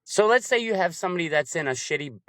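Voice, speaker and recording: A man's voice: fairly high pitch, lively intonation, quick pace, bright, forceful tone, no echo, clean studio sound. A man in casual chat about coaching, explaining animatedly and acting out examples in different voices.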